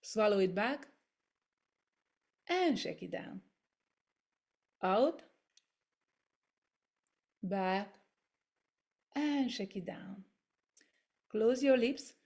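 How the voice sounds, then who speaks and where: A woman leading a voice workshop over a video call, gently coaching step by step through exercises in English that is not her first language. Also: mid-range voice, expressive, drawn-out words, pauses often. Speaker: voice workshop leader. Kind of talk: guided voice and body exercises.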